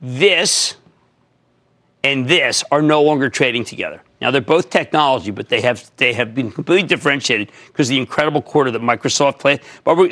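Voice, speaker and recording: An older man hosting a finance call-in show, excitable and emphatic in rapid-fire bursts. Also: mid-range voice. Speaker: TV stock market show host.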